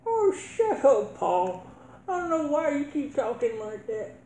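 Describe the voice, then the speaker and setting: A man's voice: extremely high pitch, very animated, unhurried, warm tone, slight background noise, voice pushed up, exaggerated voice. A man voicing a nagging, worried middle-aged mother in a comedy sketch, scolding and pleading. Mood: shrill. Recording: roomy echo.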